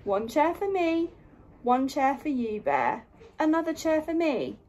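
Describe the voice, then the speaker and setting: A woman voicing an eager hare from a picture book, in a lively, emphatic read-aloud voice. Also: high voice, a little slow, a little hiss or hum, voice pushed up. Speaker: storytime reader.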